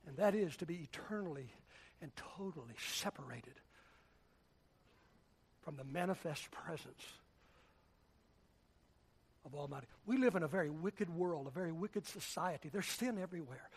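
A pastor preaching a sermon in a church, with a dramatic, repetitive cadence that swings from shouting to hushed whispers. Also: male voice, high voice. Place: church sanctuary.

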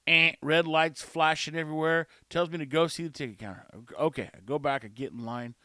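This podcast host's voice sits a little high and comes out slightly fast, bright and forceful, with fairly even intonation. Recorded dry with studio quality, he retells an aggravating day in a rant, getting worked up and exasperated, looping through the tale with quoted lines.

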